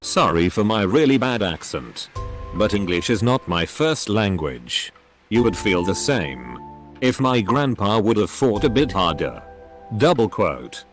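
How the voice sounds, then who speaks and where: A man's voice: lowish voice, big pitch swings, unhurried. A man reading forum posts aloud, speaking punctuation marks as words. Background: faint background music.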